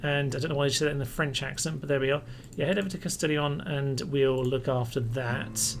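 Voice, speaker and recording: With a steady tone, slight speed, and vocal fry, a man offers casual, wry commentary while playing a strategy game, thinking aloud and mildly exasperated by setbacks. Faint music and an air conditioner's rumble sit in the background.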